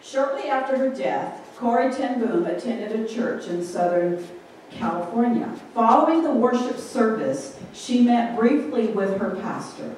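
A woman's voice: on the high side, animated, a little slow, a little mellow. Woman preaching in an echoey hall. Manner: conversational, asks the congregation questions. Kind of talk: informal sermon. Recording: very echoey hall, distant mic, faint room noise.

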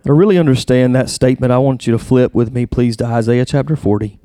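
A man's voice: fast talker, no room sound, studio quality. A man preaching a sermon, reading scripture aloud and repeating himself as he searches for words, his voice climbing when stirred. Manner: passionate, rises high and loud when stirred. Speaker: pastor.

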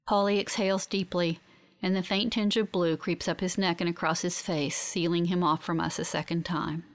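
A woman giving steady, reflective first-person audiobook narration. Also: lowish voice, moderate pace.

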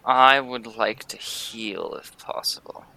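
A man's voice: mid-range voice, slow, gravelly, pushed and bright. A man playing a tabletop game, casually asking the game master questions with some hesitation. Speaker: player.

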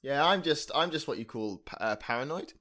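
A man from England chatting on a podcast as host, joking and laughing often with quick asides. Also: mid-range voice, animated, pushed and bright, soft background music. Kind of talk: casual chat.

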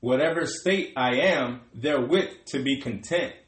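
A man reading verses aloud in a steady, formal way during a sermon. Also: mid-range voice, unhurried, reverberant. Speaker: scripture reader.

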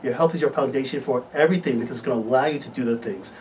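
A man's voice: medium pitch, very fast, a little mellow, far from the mic. Man, upbeat host, studio talk, set back from the mic, light background noise. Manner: upbeat, enthusiastic, promotional. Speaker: health show host. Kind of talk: live studio talk show. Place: radio studio.

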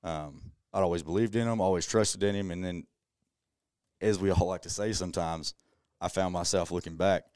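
Brief: a young man, low voice, earnest podcast guest sharing a personal story, close and dry. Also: normal speed, darkish tone, smooth, dry recording. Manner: earnest, conversational, many "you know"s.

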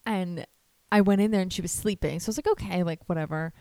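Animated young woman telling stories, dry mic. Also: medium pitch, quick pace, no room sound. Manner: animated storyteller, laughs often, swears. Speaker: podcast co-host, hospital worker. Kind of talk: casual chat, storytelling.

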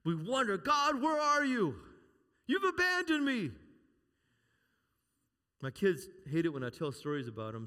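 A middle-aged man preaching a sermon, animated and playful, calling out to the congregation and telling humorous stories from home. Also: medium pitch. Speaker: pastor. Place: church sanctuary. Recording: long reverb of a large hall.

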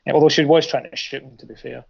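Gravelly man, hesitant chat. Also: medium pitch, steady tone, fast, darkish tone, dull audio. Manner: hesitant, many ums and restarts. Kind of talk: casual comic book podcast chat.

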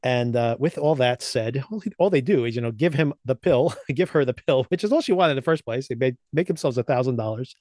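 This man co-hosts a podcast, chatting loosely through TV episode recaps and reviews with plenty of laughs and fillers. His medium pitch carries lively intonation, a slightly fast pace with few pauses, and a slightly mellow quality, with no echo.

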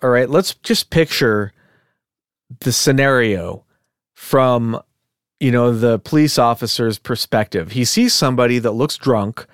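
A man's voice: medium pitch, a little slow, no room sound, studio quality. A man hosting a podcast in casual, rambling chat, laughing often. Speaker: podcast host.

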